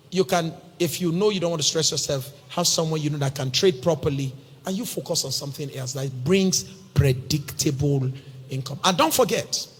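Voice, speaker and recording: Nigerian pastor preaching in a big hall. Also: male voice, on the high side, slightly rough. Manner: storytelling, humorous, addresses listeners as sir. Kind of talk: sermon. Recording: long hall reverb.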